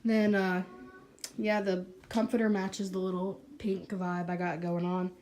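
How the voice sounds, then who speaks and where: A woman's voice: mid-range voice, little pitch movement, measured pace, darkish tone. Bubbly, sassy teen girl with a stuffy nose. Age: late teens. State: stuffy nose, breathing hard. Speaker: beauty vlogger. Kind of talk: casual room tour chat. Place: her bedroom.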